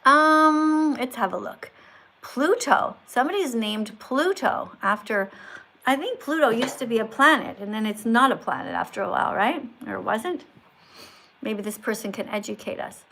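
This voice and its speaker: A woman's voice: fairly high pitch, animated, normal speed, pushed and bright, slight background noise. A woman hosting a live stream in a schoolteacher tone, correcting and praising viewers with emphatic delivery. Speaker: livestream host.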